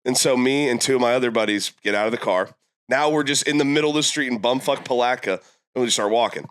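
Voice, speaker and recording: A young man from Florida telling a long, animated story on a podcast, jumping his voice up high when quoting people. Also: quick pace. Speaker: podcast guest. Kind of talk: casual storytelling.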